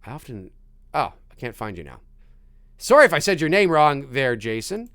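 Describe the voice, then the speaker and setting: A man's voice: medium pitch, sing-song, moderate pace, a bit bright, no echo. A man hosting a casual live stream, rambling through viewer questions with many restarts and reading chat messages aloud. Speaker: voice actor. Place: home recording studio.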